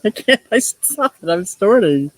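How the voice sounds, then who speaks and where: A woman's voice: on the low side, dry recording, lightly acted, poor audio. A woman doing an impression of a chatty male fishkeeping friend as she hosts a casual live stream by her fish tank, cheerful and gushing. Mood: upbeat. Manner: cheerful, gushing, quick to laugh.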